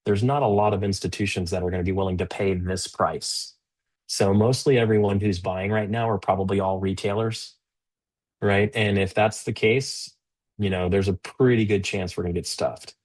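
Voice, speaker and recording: Male live-stream trading host, low and slightly husky, loose conversational delivery with frequent restarts. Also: fairly even intonation, normal speed, darkish tone. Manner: conversational, with many fillers and restarts; stern and scolding toward a rude chatter. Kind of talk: live-stream market commentary.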